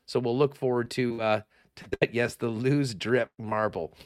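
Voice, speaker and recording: A man's voice: mid-range voice, steady tone, moderate pace. A man with a Canadian accent hosting a casual sports talk show, rambling through sponsor plugs and giveaways. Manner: chatty, rambling, promo reads. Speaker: sports radio host.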